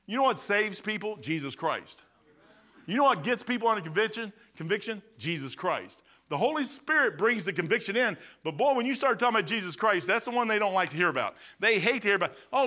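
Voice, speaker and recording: A man's voice: high-pitched, bright, forceful tone. A man with a Midwestern American accent, preaching a sermon as pastor in a folksy, emphatic way full of rhetorical questions.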